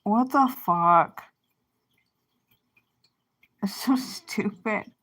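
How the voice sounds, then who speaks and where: On a livestream, a woman vents in an angry, profane rant that rambles, trails off and keeps restarting. She talks extremely slowly at a medium pitch with a fairly bright tone.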